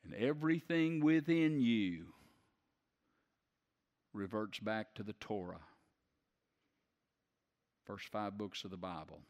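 A man's voice: fairly low pitch, animated, slow, pauses often, big-room sound. A man preaching a sermon who puts questions to the congregation and builds to emphatic peaks. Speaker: pastor.

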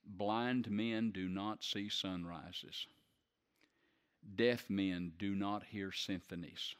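A man's voice: deep voice, big-room sound. A man preaching a sermon who puts questions to the congregation and builds to emphatic peaks. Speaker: pastor.

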